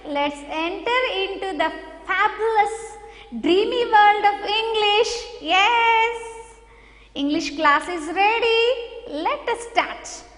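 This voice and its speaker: A woman's voice: very high-pitched, animated, slow, a bit bright. A woman teaching an online English lesson to young children, coaxing and sing-song, sometimes breaking into song. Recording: echoey room with long reverb.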